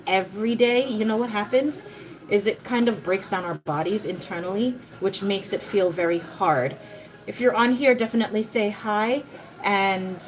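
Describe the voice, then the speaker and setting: A woman's voice: medium pitch, a little hiss or hum, low-quality recording. A woman from Jamaica speaking with an American accent, chatting casually on a live stream as she cooks in her home kitchen, encouraging viewers and greeting them by name. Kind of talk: casual live-stream chat while cooking.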